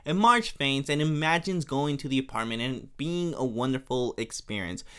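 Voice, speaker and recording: A man's voice: mid-range voice, expressive, normal speed, bright, forceful tone, clean tone. A young man hosting a podcast, recapping an episode in a casual, rambling, chatty way with plenty of fillers. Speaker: podcast host.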